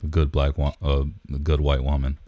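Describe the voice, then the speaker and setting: A man's voice: rumbling low, monotone, moderate pace, warm tone. A man co-hosting a podcast, chatting in a laid-back, rambling way with lots of fillers, recorded close on the mic. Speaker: podcast co-host. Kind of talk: casual chat.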